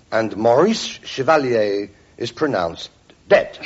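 A man delivering punchlines in a radio sketch comedy, deadpan. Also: mid-range voice, moderate pace, slightly rough, lo-fi sound.

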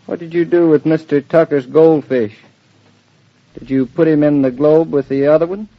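A man's voice: a little high, steady tone, normal speed, lightly acted. An actor playing a cheerful young husband and architect who dotes on his dog, in old radio drama style. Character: jovial young husband, doting dog owner. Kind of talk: 1940s radio acting. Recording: dull lo-fi old radio recording.

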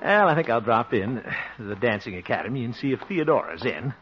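A man's voice: mid-range voice, big pitch swings, brisk, music in the background, natural voice. A man playing a chuckling, vain small-town crooner. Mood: gleeful. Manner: chuckling, self-pleased, playfully sly. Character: vain, scheming small-town male radio singer. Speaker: lead in a radio comedy. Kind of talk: 1940s radio acting. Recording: muffled old radio broadcast with loud hiss.

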